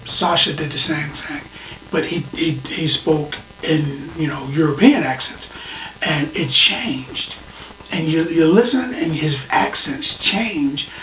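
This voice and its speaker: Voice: medium pitch, slow pace, fairly bright tone. A reviewer talking casually through a show, rambling with restarts and dropping into whispers for emphasis. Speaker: film and TV reviewer. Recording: roomy, distant mic, faint noise.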